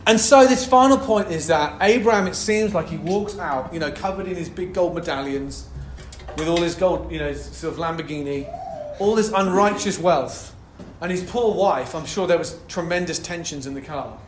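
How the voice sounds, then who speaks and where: A male pastor delivers a sermon in a relaxed, conversational way that keeps rising into passion, with lots of asides to the congregation. His voice sits fairly high for a man. The recording is roomy, with faint background noise. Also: moderate pace. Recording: roomy echo.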